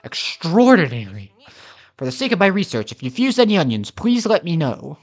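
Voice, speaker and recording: Man doing an excitable video-game scientist woman, high and eager, formal phrasing. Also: normal speed. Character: excitable female castaway researcher.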